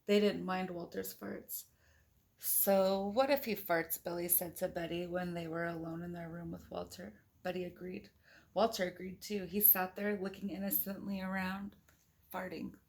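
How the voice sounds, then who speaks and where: A woman's voice: on the low side, flat delivery, normal speed, creaky. A woman reading a picture book aloud to her children, playful and giggly, breaking off for chatty asides and animal noises.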